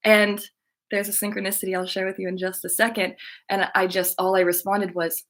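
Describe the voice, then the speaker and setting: A woman's voice: medium pitch, flat delivery, fast talker, fairly bright tone. Chatty woman telling a spiritual story. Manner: chatty, lots of "like" fillers, laughs while talking. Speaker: spiritual channeler and content creator. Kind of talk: casual storytelling monologue.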